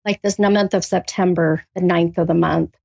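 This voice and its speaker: A woman doing a psychic reading for a caller, halting with many ums, then bursting into gushing excitement. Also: on the low side, vocal fry, dry recording, highs cut off. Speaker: psychic medium. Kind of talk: live spirit reading with a caller.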